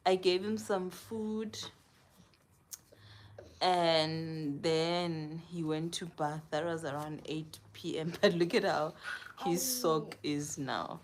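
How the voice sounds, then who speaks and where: A young mother of twins talking candidly and softly at home, with light laughs here and there. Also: deep voice, steady tone, slow pace. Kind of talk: casual home vlog talk. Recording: home recording with audible background noise.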